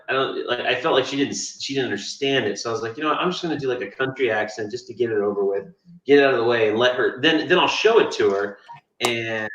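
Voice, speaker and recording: A man's voice: mid-range voice, fairly bright tone. Chatty man on a roomy distant mic. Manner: chatty storyteller, laughs often. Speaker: game developer and co-host. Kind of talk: casual livestream chat. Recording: roomy, distant, dull sound.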